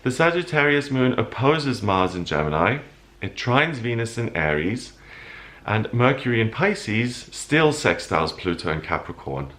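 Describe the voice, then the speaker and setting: A man's voice: medium pitch, sing-song, measured pace, a bit bright. A man hosting a weekly horoscope show, talking earnestly and at times emotionally about the week's astrology. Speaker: astrologer host.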